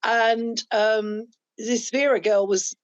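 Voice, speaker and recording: A woman's voice: a little high, fairly even intonation, takes it slowly, no echo, muffled recording. A woman, telling self-mocking stories as a podcast host chatting with her adult children. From London, England. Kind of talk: casual storytelling chat.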